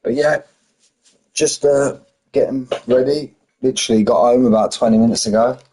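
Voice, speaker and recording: A middle-aged man with a dark, husky, mid-range voice chats casually on stream at normal speed before commentating a sim racing league. He's full of banter, greets viewers in chat by name, and calls them mate a lot.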